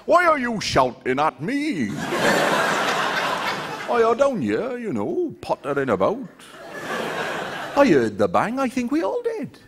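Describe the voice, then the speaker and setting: A man's voice: extremely high pitch, huge pitch swings, measured pace, pauses often, noisy background, pitched above the performer's own voice, heavily acted. A comedian playing a glum, put-upon British astronaut crewman who mutters and grumbles. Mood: sulky.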